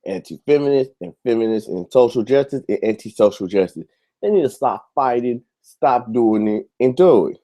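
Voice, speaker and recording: A man's voice: mid-range voice, expressive, moderate pace, mellow. Heated, profane man ranting on his show. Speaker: YouTube show host. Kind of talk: ranting monologue to camera.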